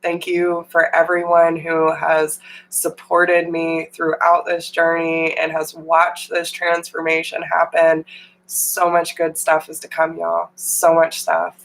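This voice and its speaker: A young woman doing a live tarot reading, her voice sitting a little low and her delivery unhurried. She talks casually, greets viewers by name and drops a lot of y'all along the way. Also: creaky, low-quality recording. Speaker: tarot reader.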